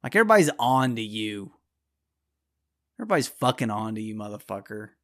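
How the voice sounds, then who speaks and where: A man's voice: on the low side, fairly even intonation, moderate pace. A man hosting his own show, delivering a blunt, profane, rambling solo rant.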